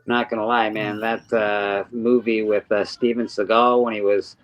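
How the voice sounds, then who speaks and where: A man's voice: fairly low pitch, little pitch movement, normal speed, poor audio. A man hosting a casual podcast chat, laid-back, laughing easily and swearing casually. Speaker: podcast host.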